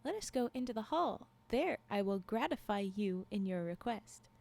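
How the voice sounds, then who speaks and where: A woman's voice: medium pitch, expressive, normal speed, creaky, a little mellow, pitched below the performer's own voice. A woman reading the lines of a gracious fairy lady in a storybook, with formal phrasing. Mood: inviting.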